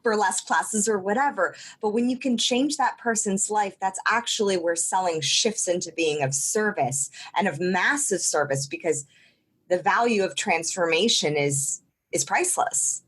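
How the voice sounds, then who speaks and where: A woman's voice: medium pitch, moderate pace, fairly bright tone, breathy edge. A woman hosting a casual podcast interview, reflecting thoughtfully in long, run-on sentences. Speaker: podcast host.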